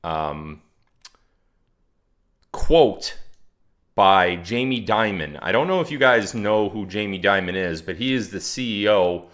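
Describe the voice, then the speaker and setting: A chatty man hosts a casual livestream and talks straight to his viewers. His voice sits fairly low. He reads comments aloud and mocks them as he goes. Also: lively intonation, takes it slowly, pauses often, fairly bright tone. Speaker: livestream host. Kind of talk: casual livestream talk to chat.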